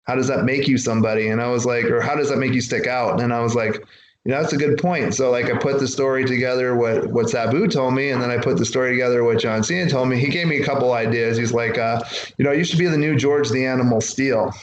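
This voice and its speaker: A man's voice: mid-range voice, fast. Guy rambling through wrestling-days stories, doing little voices for people, roomy echo and some faint hiss. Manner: rambling, acts out quotes from others. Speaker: wrestler guest. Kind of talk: casual interview storytelling.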